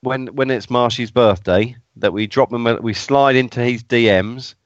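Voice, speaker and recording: A man co-hosting a casual football podcast, halting and repeating himself, with a slightly nasal voice. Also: mid-range voice, fairly even intonation, no room sound. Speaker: podcast co-host. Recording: dull lo-fi audio, dry.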